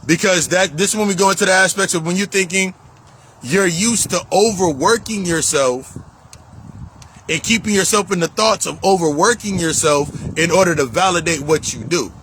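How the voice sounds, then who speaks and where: A man's voice: sits high, moderate pace, fairly bright tone, a little hiss or hum, poor audio. A man talking as a life coach in a casual spiritual monologue, emphatic and profane, repeating himself for stress. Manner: emphatic, profane, repetitive street talk.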